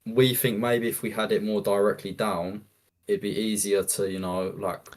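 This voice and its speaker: A man's voice: lowish voice, level tone, normal speed. A man, a guest running a cleaning business, explaining his equipment in casual chat with many restarts. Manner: explains with many restarts, says "yeah" a lot.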